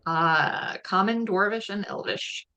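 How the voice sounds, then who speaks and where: A woman's voice: mid-range voice, slow, sharp tone, smooth, faint music behind. A woman player in a tabletop game who speaks in terse, formal phrases. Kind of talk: casual tabletop play.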